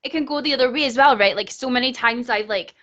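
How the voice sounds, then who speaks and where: A woman's voice: fairly high pitch, quick pace, fairly bright tone, lo-fi sound. A Scottish woman speaking on a video call in a casual panel chat, earnest and chatty, laughing often. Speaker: conference speaker.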